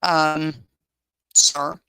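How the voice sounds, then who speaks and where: A woman's voice: low voice, little pitch movement, very slow, creaky, bright, forceful tone, smooth, no echo, poor audio. A woman hosting a live firearms channel, giving casual commentary in a blunt, sarcastic way, swearing freely and answering viewers' comments. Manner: chatty, reads viewer comments aloud.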